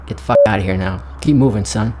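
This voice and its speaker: A man doing a shady low-voiced bean dealer. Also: fast, warm tone, a little hiss or hum, lightly acted. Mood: hustling.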